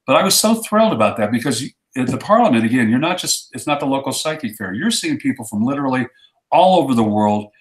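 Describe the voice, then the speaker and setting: A man's voice: medium pitch, sing-song, fast talker, reverberant. A man in a casual chat who tells his stories with conviction and acts out the quotes. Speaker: ministry guest.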